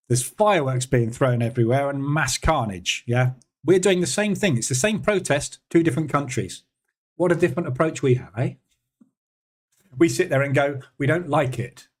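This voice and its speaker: A man hosting a live trading stream, chatting casually and thinking aloud with many fillers while he reads and answers viewers' messages. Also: medium pitch. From United Kingdom. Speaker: trading room host.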